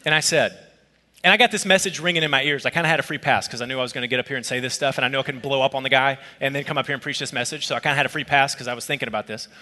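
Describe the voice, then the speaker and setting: A man preaching a sermon as a pastor, telling a personal story in an animated, conversational way with asides. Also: medium pitch, racing. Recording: long hall reverb.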